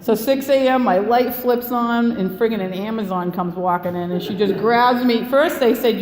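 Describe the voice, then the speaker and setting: A woman's voice: on the high side, moderate pace, few pauses, darkish tone. Candid New woman in an echoey hall. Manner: candid, blunt and profane, laughing between lines. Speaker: recovery meeting speaker. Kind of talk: personal story told to a live audience. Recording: echoey hall with long reverb, faint room hum.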